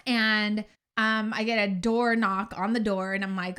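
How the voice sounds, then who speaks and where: A woman co-hosting a podcast, telling a story in an animated, emphatic way. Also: medium pitch, unhurried, clear, resonant tone. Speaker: podcast co-host. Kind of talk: casual podcast chat.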